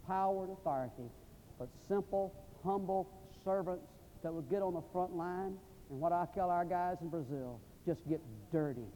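High-voiced preacher in a reverberant hall. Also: male voice, a little hiss or hum. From United States. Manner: emphatic, swings from loud to hushed. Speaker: visiting missionary preacher. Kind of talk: sermon with storytelling and prayer. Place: seminary chapel. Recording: long reverb of a large hall.

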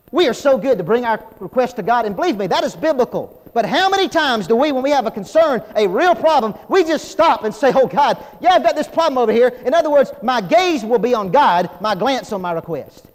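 A middle-aged man delivers a sermon in a chapel, his voice high. He is animated, pokes fun at himself, and keeps calling the congregation folks. Long reverb trails his words. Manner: animated, self-deprecating humor, addresses audience as folks. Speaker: preacher.

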